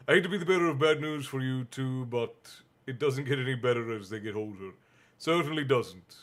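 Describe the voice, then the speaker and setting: A man reading a bedtime story aloud on a stream and chatting with viewers in a relaxed, chatty manner. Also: mid-range voice, normal speed. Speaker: stream host and reader. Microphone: streaming mic.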